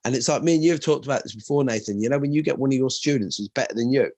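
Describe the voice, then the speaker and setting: Husky, animated Irish man. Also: mid-range voice, very fast, dry recording. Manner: animated storyteller, swears freely. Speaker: martial arts instructor and co-host. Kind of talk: casual podcast chat.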